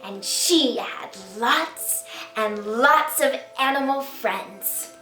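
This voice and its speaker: Woman storyteller for a children's read-aloud, playful and unhurried, roomy sound with faint music under her. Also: high voice, sharp tone, recorded from a distance. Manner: slow, sing-song and playful, invites kids to join in. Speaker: children's author reading her picture book.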